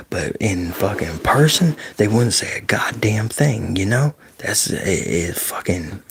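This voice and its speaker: Man, low gravelly voice, husky whisper, close mic, casual livestream chat, swears a lot. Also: expressive, takes it slowly. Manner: whispering often, swears heavily, gets heated. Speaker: ASMR livestream host. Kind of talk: casual live chat reading comments.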